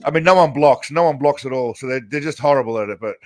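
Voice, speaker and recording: This reaction-show host has a mid-range, somewhat dark voice and talks fast. He reacts to clips casually, wandering off on tangents and cursing heavily in a crude manner.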